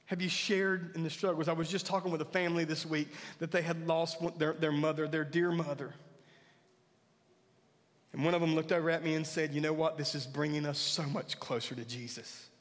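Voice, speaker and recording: High-voiced pastor preaching in a hall. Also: male voice, fairly even intonation, fairly quick. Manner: earnest, rising to emphatic peaks. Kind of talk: sermon. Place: church sanctuary. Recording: church hall reverb with faint music.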